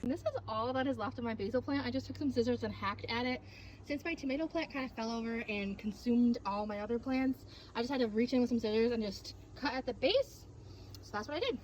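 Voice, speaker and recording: A woman's voice: a little high, fast, darkish tone, a little hiss or hum, poor audio. A young woman chatting casually to camera in a home vlog, giggly and self-mocking as she cooks and gardens. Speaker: vlogger.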